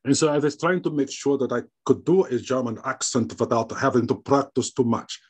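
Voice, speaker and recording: Animated man telling stories with laughs. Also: mid-range voice, fairly quick, breathy edge. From American South. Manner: animated storyteller, laughs often, acts out quoted dialogue. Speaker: guest, horror host. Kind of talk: casual interview storytelling.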